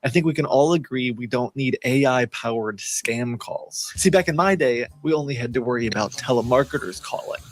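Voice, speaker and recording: A man's voice: mid-range voice, fairly quick, hardly any pauses, slight background noise. A man presenting a playful, mock-serious explainer video as a YouTuber.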